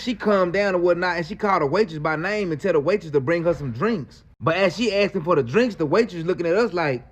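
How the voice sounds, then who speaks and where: Man, high voice, slangy, animated storytelling. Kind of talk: casual storytelling.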